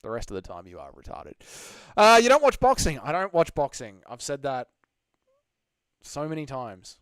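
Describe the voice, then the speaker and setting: A man's voice: fairly high pitch, huge pitch swings, normal speed, a bit bright, clean tone, no echo. A young Australian man hosting a casual live Q&A, reading out chat and joking crudely with lots of swearing. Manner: crude, joking, swears a lot, laughs often. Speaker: livestream host.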